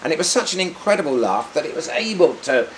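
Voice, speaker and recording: An older man telling a rambling one-man comedy monologue on stage, halting and restarting often. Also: on the high side, sing-song, slight background noise. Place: theatre stage.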